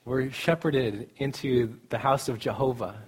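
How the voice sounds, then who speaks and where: A man's voice: mid-range voice, steady tone, measured pace. A middle-aged man giving a casual, joking sermon at a student camp, often laughing as he speaks. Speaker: campus ministry speaker.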